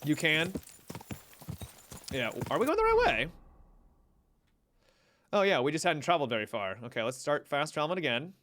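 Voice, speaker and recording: A man's voice: a little high, big pitch swings, moderate pace, pauses often, fairly bright tone. A male streamer giving chatty, rambling live gameplay commentary and talking to his chat.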